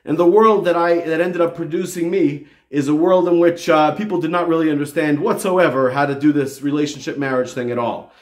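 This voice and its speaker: A man giving a casual religious video lecture, animated and emphatic, wandering off on tangents before returning to his point. His voice sits a little higher than most men's. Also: brisk, few pauses. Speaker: religious teacher.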